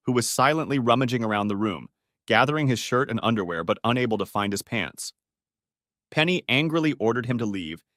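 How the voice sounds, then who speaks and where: A man's voice: medium pitch, a bit bright, no room sound, clean studio sound. A man narrating a scripted story, reading steadily and voicing every character himself.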